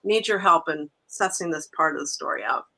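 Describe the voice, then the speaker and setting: Woman director guest, thoughtful, crisp bright voice, casual interview. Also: sits low, lively intonation, a little fast, rough recording. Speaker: documentary filmmaker, guest.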